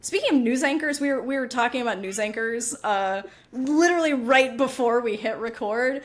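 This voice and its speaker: A woman co-hosting a podcast as a book coach, talking in a bubbly, animated, teasing way. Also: a little high, moderate pace. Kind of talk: casual chat.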